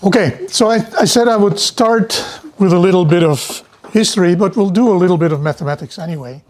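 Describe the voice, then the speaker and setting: Male lecturer, slightly higher voice. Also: a little fast. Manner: relaxed, digressive, many restarts. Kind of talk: university lecture.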